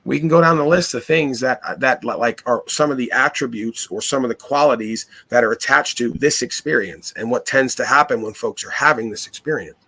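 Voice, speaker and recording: A man's voice: medium pitch, brisk, few pauses, bright, forceful tone. A man hosting a podcast, talking philosophically in earnest, probing rhetorical questions. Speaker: podcast host. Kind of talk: casual philosophical chat.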